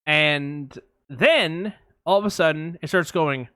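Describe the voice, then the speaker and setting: A man co-hosting a podcast, telling anecdotes in a casual, animated way and acting out voices and sounds. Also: on the high side, slow pace, smooth, no room sound, studio quality. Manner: animated storyteller, acts out voices and sirens. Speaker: podcast co-host. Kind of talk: casual storytelling chat.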